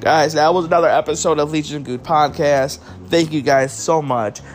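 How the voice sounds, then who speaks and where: A man's voice: on the high side, steady tone, normal speed, soft background music. A man hosting a solo podcast, talking casually and rambling to his listeners, sounding tired and yawning, with some swearing. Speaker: podcast host. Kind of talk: solo wrestling review podcast.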